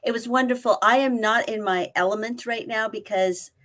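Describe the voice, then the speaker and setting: On the high side and a bit bright, this woman's voice moves at normal speed. A life coach in her fifties, she is the guest in a casual interview held in a spare room at a family home, telling stories and voicing the quoted dialogue.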